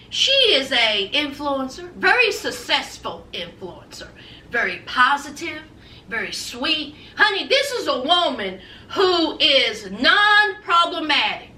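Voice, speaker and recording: Sassy high-voiced woman calling everyone honey. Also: sharp tone, reverberant, distant mic. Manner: sassy, drawn-out, says "honey" often. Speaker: host. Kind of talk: gossip commentary vlog.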